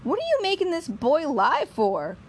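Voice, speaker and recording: A woman's voice: high voice, huge pitch swings, normal speed, pitched above the performer's own voice, full character voice. A defiant young activist man, voiced by a woman reading a novel aloud. He protests and fires back questions. The read is plain, with faint noise under it.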